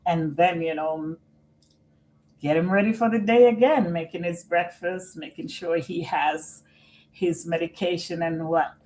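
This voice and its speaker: A middle-aged woman live-streaming on her computer at home, talking slowly and earnestly about caring for her father and often repeating herself. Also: lowish voice, fairly even intonation, a little mellow, low-quality recording. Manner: slow and earnest, repeats phrases. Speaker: vlogger and family caregiver. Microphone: computer microphone.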